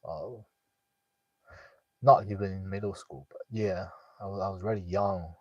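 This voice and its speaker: A young man, telling a family story in casual talk with many pauses, fillers and restarts. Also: deep voice, steady tone, breathy edge, dry recording, lo-fi sound. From northeast China. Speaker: guest sharing a personal story.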